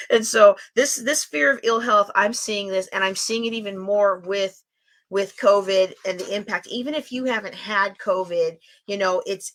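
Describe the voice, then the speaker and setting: A woman's voice: medium pitch, sharp tone. A woman co-hosting a talk show who speaks in an emphatic, motivational way. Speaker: podcast co-host. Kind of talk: casual chat.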